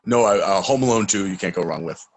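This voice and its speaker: Young man, low voice, dry close sound, excitable storyteller, loud acted-out quotes. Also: fast talker, no echo, rough recording. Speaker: guest. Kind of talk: casual interview chat.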